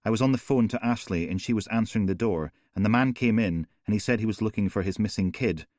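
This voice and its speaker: A man's voice: fairly low pitch, quick pace, a little mellow, no echo, clean studio sound, close to an everyday voice. A man voicing a frantic young woman on an emergency call, pleading and breathless.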